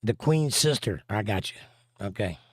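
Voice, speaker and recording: A man from the American South hosts a laid-back livestream, reading out chat messages with dry, sarcastic humor and drawling asides. His lowish voice is slightly rough with lively intonation, moving at a normal speed with no room sound.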